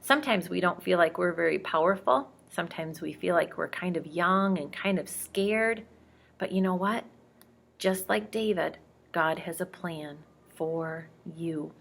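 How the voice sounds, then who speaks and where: A woman telling bible stories to a child, gentle and speaking directly to the listener. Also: fairly low pitch, a little slow, gravelly. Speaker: storyteller reading to a child. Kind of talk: bedtime bible storytelling.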